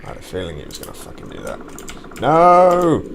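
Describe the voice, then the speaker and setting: A young man hosting his own gaming channel, rambling chattily while playing and shouting curses at the game. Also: on the high side, wildly swooping pitch, very fast, vocal fry, a little hiss or hum. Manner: swears and yells at the game; chatty and rambling between outbursts. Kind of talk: gameplay commentary.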